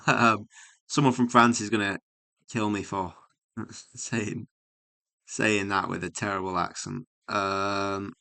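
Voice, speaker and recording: A man thinking aloud as he works through chess puzzles, musing and muttering with frequent hums and pauses, mildly exasperated at himself. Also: on the low side, level tone, vocal fry, sharp tone. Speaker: chess streamer.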